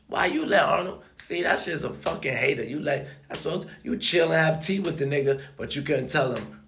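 Gravelly-voiced man, emphatic and foul-mouthed preacher of self-worth, roomy echo. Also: medium pitch, a little fast, fairly bright tone. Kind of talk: motivational rant. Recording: echoey room.

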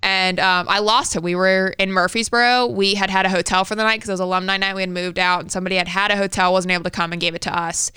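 A woman's voice: medium pitch, fairly even intonation, fast talker, few pauses, sharp tone, clear, resonant tone, no echo. A woman in her thirties co-hosting a podcast, telling a personal story candidly and swearing freely. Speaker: podcast co-host. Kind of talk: casual conversational storytelling.

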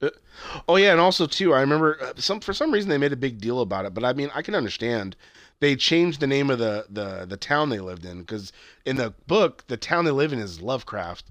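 A man co-hosting a podcast recaps a TV show in casual chat, rambling with lots of fillers and restarts and swearing freely. His mid-range voice is expressive, a bit bright and a little fast, with no room sound.

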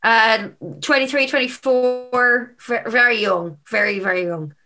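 A young woman co-hosting a podcast, reacting quickly and teasing her friend in casual chat. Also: fairly high pitch, sharp tone. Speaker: podcast co-host.

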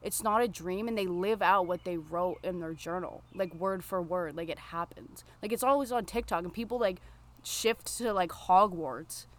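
A young woman in casual chat, telling stories in a chatty, animated way with many "like" fillers. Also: fairly low pitch, moderate pace.

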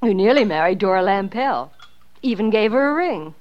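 Woman doing a dry, wry mom, lively sing-song tone, old radio play. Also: mid-range voice, normal speed, lo-fi sound, close to an everyday voice. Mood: teasing. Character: middle-aged wife and mother, practical. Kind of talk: 1950s radio drama acting.

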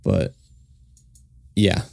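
A man's voice: extremely slow, mellow, no room sound, clean studio sound. A man co-hosting a podcast, talking casually about songs he likes, hesitant and repeating words. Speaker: podcast co-host. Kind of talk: casual music review chat.

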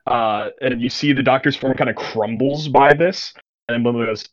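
A young man running a tabletop game, narrating scenes in a loose, filler-heavy, vivid way. His pitch is middling, and the recording is a bit dull and lo-fi. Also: normal speed. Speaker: game master.

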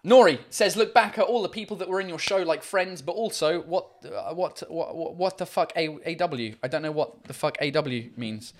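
A man's voice: a little high, normal speed, hardly any pauses. A man hosting a casual livestream from home, reading out viewer comments in a rambling way, with lots of fillers and swearing. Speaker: livestream host.

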